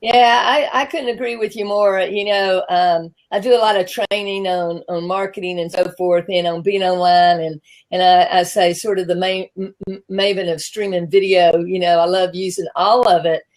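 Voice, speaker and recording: A woman's voice: fairly low pitch, fairly even intonation, moderate pace, low-quality recording. A woman in her sixties with a Southern American accent, hosting a live-streamed talk show in a chatty, self-deprecating way with frequent restarts. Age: 60s. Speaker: host.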